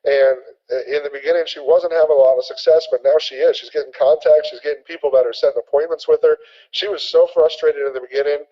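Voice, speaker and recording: A man teaching a sales training webinar, energetic and repetitive, acting out sample conversations. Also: fairly high pitch, fast, lo-fi sound.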